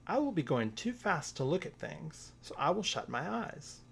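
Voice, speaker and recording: A man reading a storybook aloud, voicing an eager, excitable little bear cub. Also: a little high, normal speed, gravelly, a little hiss or hum, voice pushed up. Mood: determined.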